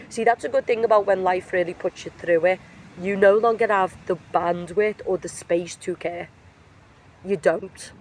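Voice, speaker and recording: A woman's voice: mid-range voice, a little mellow. Blunt tarot reader woman, voice worn from illness. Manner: blunt, emphatic, slangy. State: sick, voice affected. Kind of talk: casual motivational tarot reading. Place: outdoors in nature.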